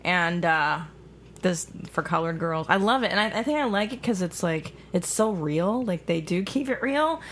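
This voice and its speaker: A woman co-hosts a casual comedy podcast with a lowish, bright, clear-edged voice. She gushes and talks in an animated way. A faint hiss sits behind her. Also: moderate pace. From Hungarian family. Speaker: podcast co-host.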